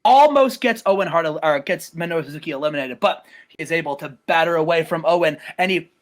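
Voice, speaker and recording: A man giving a casual, rambling play-by-play recap, stumbling over names and breaking into loud shouted quotes. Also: fairly high pitch, fast talker. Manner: excitable, rambling, many restarts, bursts into loud acted-out quotes. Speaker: host recapping a wrestling game simulation.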